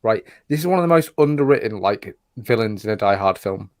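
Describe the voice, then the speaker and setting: A man's voice: on the low side, animated, a little fast, no echo, studio quality. A British man co-hosting a podcast, ranting sarcastically in casual chat and swearing. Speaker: podcast co-host.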